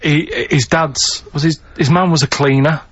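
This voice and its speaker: A man's voice: on the high side, steady tone, normal speed, fairly bright tone, husky, lo-fi sound. A man co-hosting a casual radio show, explaining things in a plain, matter-of-fact way. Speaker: radio co-host.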